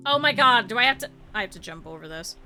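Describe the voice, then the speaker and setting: A woman's voice: fairly high pitch, animated, quick pace, music in the background. A woman streamer chatting to her viewers over gameplay, swearing freely and reacting to the game as she plays. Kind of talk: casual gameplay commentary.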